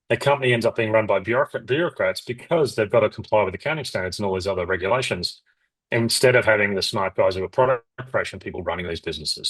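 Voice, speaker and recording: A middle-aged Australian man, a company founder, talking in a rambling, animated way with lots of restarts and asides in an interview. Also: on the low side, husky, no echo, rough recording. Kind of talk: casual interview talk.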